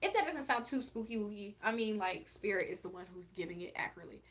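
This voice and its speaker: Woman on a livestream reading chat, blunt and chatty, laughs a lot, mid pitch. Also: expressive, fast talker, fairly bright tone. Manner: blunt and outspoken, laughs often. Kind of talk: casual live chat.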